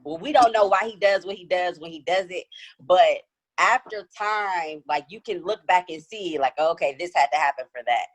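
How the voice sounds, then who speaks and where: A woman guest opening up in a casual conversation, candid and reflective. She speaks in a fairly low voice for a woman. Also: moderate pace. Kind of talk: casual chat.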